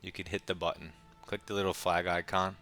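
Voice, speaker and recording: A young man giving casual, quick play-by-play of his own chess game with wry asides. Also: sits low, little pitch movement, over music. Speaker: chess streamer. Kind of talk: casual live game commentary.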